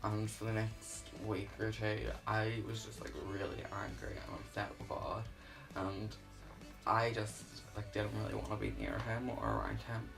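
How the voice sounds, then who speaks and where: A young man, sharing his personal faith testimony in an earnest, halting way with many fillers. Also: on the low side, creaky, music in the background, low-quality recording. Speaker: YouTuber.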